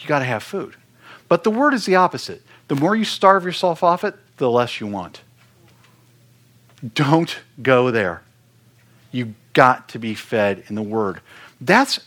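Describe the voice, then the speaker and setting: A man's voice: fairly high pitch, fairly bright tone. Earnest middle-aged man preaching. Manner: earnest, conversational, repeats words when stressing points. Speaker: worship ministry speaker. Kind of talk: sermon-style teaching talk.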